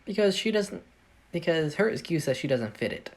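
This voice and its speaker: A man reads his own fan story in a casual, rambling way, often cutting himself off and joking between scenes. His voice sounds a little tired, and his pitch jumps around a lot as he talks. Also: sing-song, normal speed. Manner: rambling, self-interrupting, jokey. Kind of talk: casual story reading with asides. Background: video game playing.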